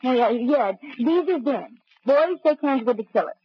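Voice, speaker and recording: Brief: genteel, flustered young lady, high voice, muffled old broadcast. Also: animated, a little slow, husky, no echo, full character voice. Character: flustered, prim young woman stalling gangsters. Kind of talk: 1940s radio acting.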